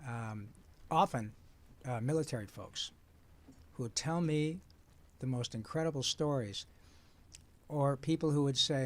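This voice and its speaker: A man in his sixties, from Michigan, telling stories with real animation and now and then slipping into playful voices. His voice sits at an ordinary pitch for a man. He sounds like a seasoned voice actor chatting as a guest. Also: a little slow, pauses often. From Michigan, USA. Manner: lively storyteller, slips into playful character voices. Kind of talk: animated storytelling in conversation.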